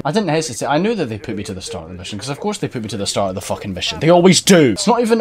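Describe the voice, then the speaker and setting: A man's voice: medium pitch, very animated, rapid-fire, hardly any pauses. Sweary, sarcastic gaming commentator man. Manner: sarcastic, sweary, laughing at the game. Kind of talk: let's-play commentary.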